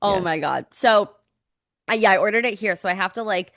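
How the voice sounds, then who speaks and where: A woman's voice: medium pitch, brisk, no echo. Chatty woman podcast co-host, dry mic. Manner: chatty, animated, quotes herself in lively voices. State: pregnant, recovering from sickness. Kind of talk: casual chat.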